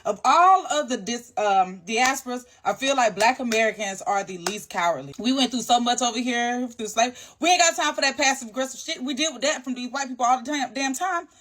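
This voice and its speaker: A woman's voice: on the high side, brisk, few pauses, a bit bright, a little hiss or hum. Blunt slangy woman chatting. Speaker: social media creator. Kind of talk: casual storytelling rant.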